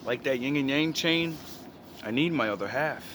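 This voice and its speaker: A man's voice: medium pitch, animated, normal speed, noisy background. A man casually retelling an old story in his own words, blunt and full of profanity and slang.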